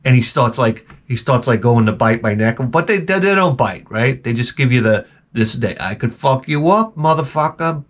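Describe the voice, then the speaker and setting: A middle-aged man hosting his channel, telling a comic story in a profane, animated rant full of restarts. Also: medium pitch, normal speed, hardly any pauses. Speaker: host.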